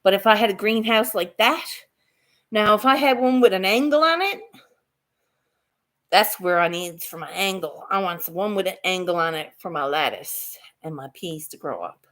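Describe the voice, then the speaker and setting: A woman vlogging casually outdoors in her garden, rambling excitedly and swearing freely. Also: mid-range voice, normal speed. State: a little out of breath.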